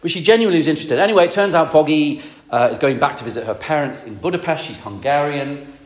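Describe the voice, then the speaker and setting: A man's voice: fairly high pitch, expressive, fast talker. A male priest preaching to a congregation, telling a personal story with many restarts and asides. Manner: rambling, self-correcting storyteller with asides to the congregation.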